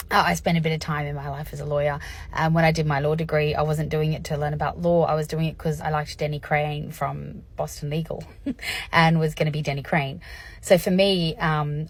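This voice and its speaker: A woman casually explaining her own experiences to camera in a candid, chatty way, laughing often. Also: low-pitched. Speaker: vlogger sharing personal experience. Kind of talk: casual educational talk to camera.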